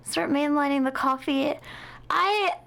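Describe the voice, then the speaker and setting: A young woman chats on a live stream from home, tired and sleepy after just waking. Her voice sits very high with a rough, creaky edge. She rambles and grumbles with playful drama. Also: a little slow, a bit bright. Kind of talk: casual live-stream chat.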